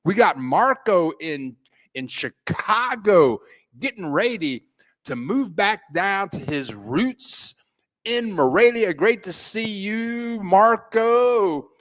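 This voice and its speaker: Slow, higher-voiced man hosting a live chat. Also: expressive. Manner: playful, folksy shout-outs to viewers. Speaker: host of a live stream about living abroad. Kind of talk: casual live-stream chat greeting viewers. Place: home in a Mexican city.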